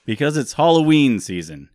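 A man's voice: on the low side, dry recording. A young man co-hosting a podcast in casual chat, rambling and laughing often. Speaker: podcast co-host.

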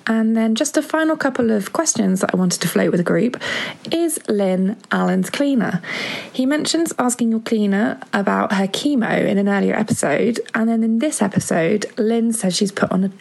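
Chatty woman with a gravelly fry. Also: medium pitch, moderate pace, darkish tone, rough recording. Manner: enthusiastic, chatty, rambling. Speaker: contributor sending in an episode review. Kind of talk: recorded podcast review segment.

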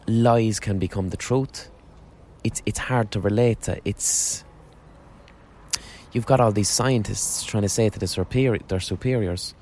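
A man's voice: fairly low pitch, darkish tone, slight background noise. A man hosting a podcast outdoors on a street corner, talking in a rambling, sweary monologue with frequent restarts. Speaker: podcast host. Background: faint street ambience.

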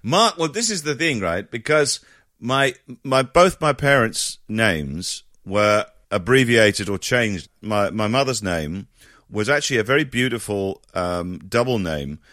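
A man's voice: fairly low pitch, a little slow, no room sound. Man, middle-aged guest, chatty, laughs a lot, dry close sound. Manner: animated storyteller, laughs often, restarts phrases. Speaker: interview guest. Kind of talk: casual conversational interview.

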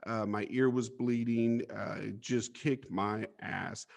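A man's voice: lowish voice, steady tone, takes it slowly, vocal fry. A man as an interview guest, telling his life story bluntly, with swearing and stammered restarts.

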